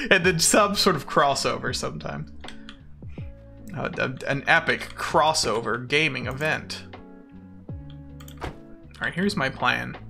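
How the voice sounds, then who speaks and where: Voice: mid-range voice, gravelly, sharp tone. A young adult streamer chatting casually through a live game, rambling, joking at their own expense and laughing often, with mock-dramatic outbursts. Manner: rambling, jokey and self-mocking, laughs often.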